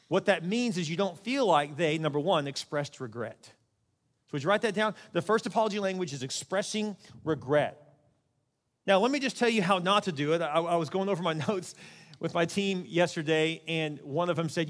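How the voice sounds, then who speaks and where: Male pastor, conversational sermon delivery with acted-out asides, slightly high voice, long hall reverb. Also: fast talker. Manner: animated, conversational preaching with acted-out quotes.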